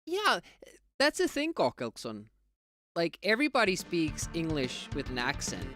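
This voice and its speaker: A lively Finnish game streamer, a native Finnish speaker, chats casually while playing, laughing often and answering viewers. Her or his mid-range voice moves at a measured pace with no echo, over background game music.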